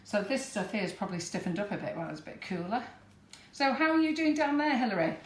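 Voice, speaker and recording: A woman's voice: medium pitch, sing-song, fast talker. A woman with a broad northern English accent chatting her way through a live baking demonstration in a kitchen, laughing often. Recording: roomy kitchen with background noise.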